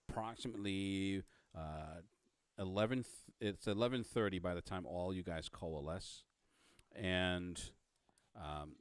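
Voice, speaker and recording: Low-voiced, halting game master man. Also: no echo. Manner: halting, many fillers and restarts. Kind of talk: narrating a tabletop game.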